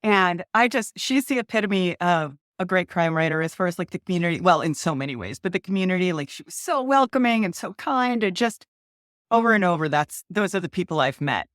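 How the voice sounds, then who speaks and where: A woman's voice: fairly low pitch, a little fast, dry recording. Lady author on a podcast, bubbly and giggly, dry close sound. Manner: bubbly, laughs often, excitable. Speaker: author guest. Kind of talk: casual interview chat.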